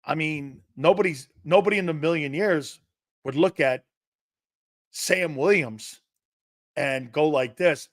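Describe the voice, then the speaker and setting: Male sports talk host, blunt, combative, swears freely, slightly high voice, dry close sound. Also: unhurried, long pauses, dry recording. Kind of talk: opinionated sports talk, reading chat.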